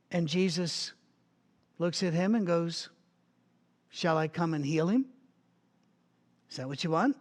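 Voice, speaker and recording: A pastor delivering a sermon, retelling a scripture story and acting out the quoted speakers. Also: male voice, fairly high pitch. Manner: storytelling, acts out quoted lines.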